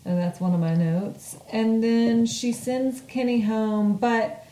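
A woman's voice: fairly high pitch, steady tone, takes it slowly, warm tone, echoey room, low-quality recording. A woman co-hosting a podcast, chatting casually and joking as she recaps a reality show. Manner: chatty, joking, with filler restarts. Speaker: podcast co-host.

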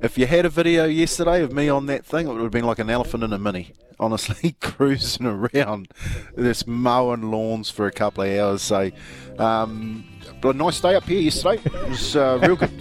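Man, New Zealand accent, middle-aged, radio co-host, chatty storyteller, laughs often, mid pitch, faint music underneath. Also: normal speed. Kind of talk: casual chat.

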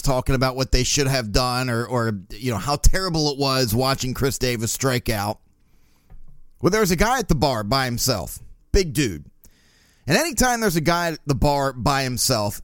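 Animated profane podcast host, man. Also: mid-range voice, no room sound, clean studio sound. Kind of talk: casual monologue.

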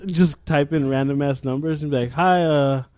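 A man in his twenties co-hosting a podcast, excitable and casual, laughing often and swearing freely. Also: on the high side, a little fast. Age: 20s. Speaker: podcast co-host. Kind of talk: casual chat.

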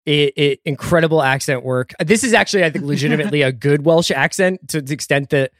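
A man's voice: a little high, quick pace, dry recording, studio quality. A man from Philadelphia chatting as a podcast guest, joking and acting out little scenes. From Philadelphia, USA. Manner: jokey, animated storytelling. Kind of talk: casual film-review chat.

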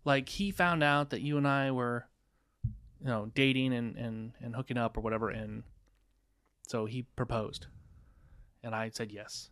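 A man's voice: mid-range voice, fairly quick, sharp tone, no room sound, studio quality. A man co-hosting a podcast, telling a dating story casually and acting out both sides of the dialogue, with some swearing. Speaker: podcast co-host.

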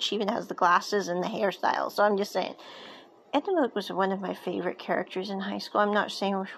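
A woman with a fairly high voice talks through a show she loves in a loose, casual chat. She gushes with enthusiasm and wanders off on tangents before pulling herself back. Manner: enthusiastic, digressive. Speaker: show reviewer.

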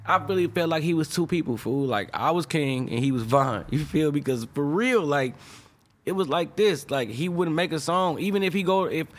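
A man's voice: on the high side, lively intonation, normal speed. A young adult man, a music producer, talking casually and emotionally in an interview, full of slang fillers and restarts. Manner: rambling, emotional, peppers speech with slang fillers.

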